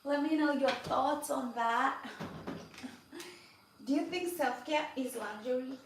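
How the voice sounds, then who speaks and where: A woman's voice: high voice, slow pace, roomy sound, background noise. A woman vlogger in a casual, playful chat, repeating her phrases as she talks at home in the kitchen.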